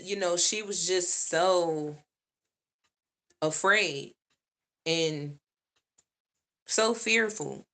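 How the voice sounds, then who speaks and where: Slow-talking woman with a bright, edgy tone. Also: on the low side, slight background noise. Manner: animated, talks straight to viewers, repeats for emphasis. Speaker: vlogger. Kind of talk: casual monologue to viewers.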